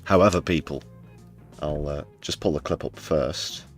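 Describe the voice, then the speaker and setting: A man's voice: extremely low pitch, moderate pace, faint music behind. A man hosting a livestream, talking over news clips with heavy sarcasm and often addressing viewers as "people". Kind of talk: live commentary on news clips.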